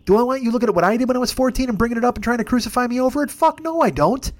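Man, podcast host, high voice, rapid-fire, profane rambling monologue. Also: lively intonation.

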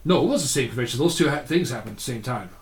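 A middle-aged man, a podcast guest and the younger brother, tells rambling, profane stories in casual chat, laughing through them. His medium-pitched voice is animated and very fast, and the recording has a roomy echo and faint hiss.

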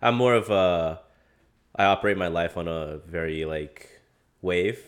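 A man's voice: deep voice, unhurried. A young man co-hosting a casual podcast, laid-back and congested with a stuffy nose. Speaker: podcast co-host.

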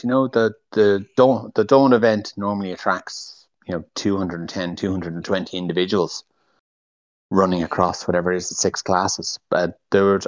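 A man's voice: fairly low pitch, dry recording. A man from Ireland with an Irish accent, a podcast guest talking casually about racing photography over a phone call. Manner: relaxed, laughs easily, restarts phrases. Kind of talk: casual interview chat. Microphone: telephone call. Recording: muffled phone-call audio.

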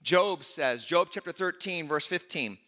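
A man preaching a sermon to a congregation, animated and conversational, acting out scripture dialogues. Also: on the high side, measured pace, long reverb tail. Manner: animated preaching, voicing prophet and God in dialogue. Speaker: pastor.

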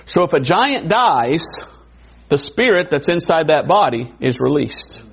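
A man preaching a sermon in a conversational way, wondering aloud and adding quick asides. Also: a little high, big pitch swings, vocal fry, slightly rough. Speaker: pastor. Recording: dull lo-fi recording.

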